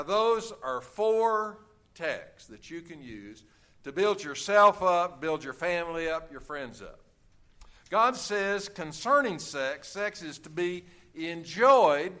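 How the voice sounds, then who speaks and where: A man's voice: a little high, sharp tone. A man preaching a sermon in a folksy, joking way, with frequent filler sounds as he talks. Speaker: pastor.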